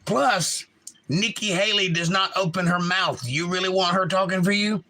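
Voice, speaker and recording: A man's voice: sits high, fairly even intonation, moderate pace, pushed and bright. A man hosting a casual live stream, giving blunt opinions and answering viewers' chat messages. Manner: opinionated, reads chat aloud and talks back. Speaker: livestream host.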